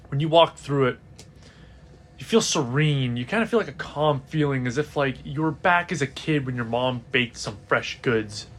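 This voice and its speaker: Casting: man with a somewhat high voice, casual game master narrating a tabletop campaign, loose and chatty with filler words. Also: fairly bright tone. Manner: casual, many fillers, laughs often.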